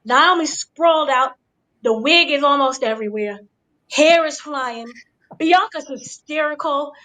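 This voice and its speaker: Woman, high voice, bright and sharp, animated wrestling recap chat. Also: measured pace. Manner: animated, acts out quotes with gasps and shrieks. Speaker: show host.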